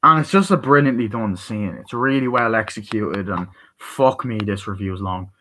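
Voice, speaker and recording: A man with a slightly low voice talks through a movie he loved in a loose, rambling way. He is excitable and swears constantly as he acts out scenes on the fly. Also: normal speed. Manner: excitable, rambling and heavily profane, retelling scenes. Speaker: movie reviewer. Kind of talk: casual movie review.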